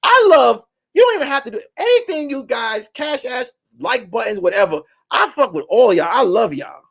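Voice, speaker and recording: A man, a comedian, chatting casually to his viewers in a loose, animated way, slipping into song and mock voices. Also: very high-pitched, moderate pace, gravelly, breathy edge. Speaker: comedian and vlogger. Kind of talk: casual vlog chat.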